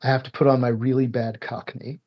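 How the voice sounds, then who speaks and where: A man's voice: mid-range voice, level tone, fairly quick, muffled recording. A man from Indiana, a guest poet, chatting casually on a podcast, laughing often and restarting his sentences. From US Midwest, Indiana.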